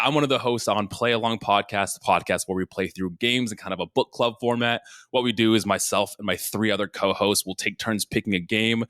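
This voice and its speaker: A man's voice: fairly low pitch, fairly bright tone, no room sound, clean studio sound. A man guesting on a gaming podcast, enthusiastic, explaining his own show's format at length. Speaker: podcast guest, fellow host. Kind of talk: casual podcast chat.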